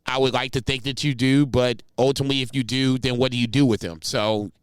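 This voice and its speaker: A man co-hosting a casual podcast who rambles, restarts his sentences and swears casually. His voice is smooth and resonant, with a dry close-mic sound. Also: mid-range voice, flat delivery, brisk, no echo. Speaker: podcast co-host. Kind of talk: casual wrestling podcast chat.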